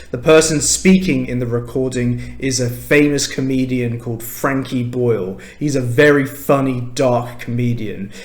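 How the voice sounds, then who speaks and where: A man from England with a standard southern British accent, explaining clearly and slowly in an English lesson. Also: medium pitch. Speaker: English teacher. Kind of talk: language lesson to camera.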